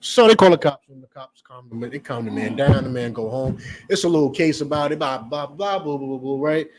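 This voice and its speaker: With a crowd audible behind him, a man with a mid-range voice talks a little fast. He's preaching and teaching in a fiery, profane style, emphatic and repetitive, repeatedly turning to quiz his listeners.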